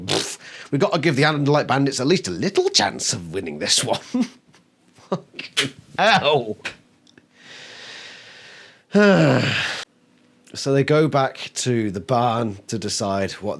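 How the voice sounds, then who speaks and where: A man reviews a book on camera in a ranting video, exasperated and swearing constantly as he acts out the characters' lines to mock them. His mid-range voice is expressive and fairly bright, with a slow pace and long pauses.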